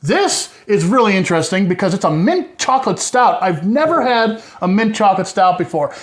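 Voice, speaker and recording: A man's voice: high voice, very animated, moderate pace. A middle-aged man hosting a casual beer review at home, chatty and joking with rambling asides. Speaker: show host.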